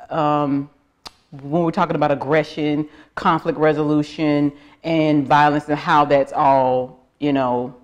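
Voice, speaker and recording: Low-voiced Southern woman chatting live. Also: darkish tone. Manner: chatty, greets viewers by name between points. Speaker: livestream host. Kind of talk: casual live-stream chat.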